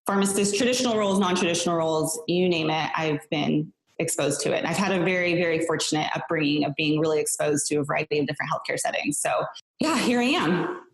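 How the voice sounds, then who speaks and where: Rich: A bubbly woman chatting as a new podcast host, laughing easily and restarting her thoughts. Her voice sits a little low for a woman. The room around her is roomy and echoey. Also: fast talker. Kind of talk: casual interview chat.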